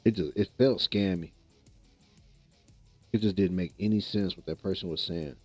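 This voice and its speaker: A man with a fairly low voice streams and chats loosely with his viewers, circling back and repeating himself as he talks. His voice sounds close and dry, with the slightly dull, lo-fi sound of stream audio. Faint game music runs underneath. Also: normal speed, husky, no echo. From American Midwest. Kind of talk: casual livestream chat with viewers.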